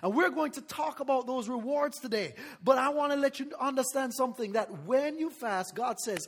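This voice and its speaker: A man preaching a sermon as pastor, animated, laughing often and calling for responses from the congregation. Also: extremely high pitch, normal speed, few pauses, long reverb tail.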